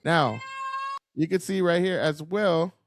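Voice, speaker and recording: A man's voice: fairly high pitch, takes it slowly, a little hiss or hum. A man giving heated solo commentary to camera, swearing often and rambling with frequent restarts. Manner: profane, agitated, rambling with restarts.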